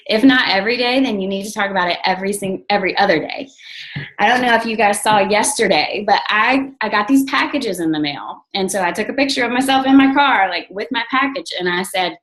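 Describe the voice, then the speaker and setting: A young adult woman leading a team call as a coach, talking in a blunt, excitable, casual way with lots of "like" and some swearing. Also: mid-range voice, rough recording.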